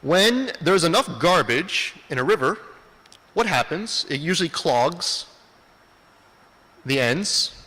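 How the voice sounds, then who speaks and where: A man lectures in a bright, lively voice that rises and falls a lot. He keeps asking his audience questions and then answers them. Long reverb from the hall trails after his words. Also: fairly high pitch, slow, long pauses. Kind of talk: lecture presentation.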